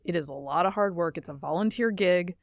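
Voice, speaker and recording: Chatty woman with a low, dry voice. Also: brisk, no echo. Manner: chatty storyteller, laughs easily, self-correcting. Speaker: podcast co-host. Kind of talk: casual chat.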